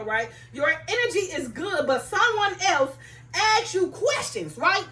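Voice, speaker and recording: A woman's voice: extremely high pitch, pushed and bright. A woman giving a conversational spiritual talk to her viewers, checking in with "right?" and "you understand?" as she goes. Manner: reads scripture aloud in King James wording. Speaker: faith vlogger. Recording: echoey room, voice a bit far from mic.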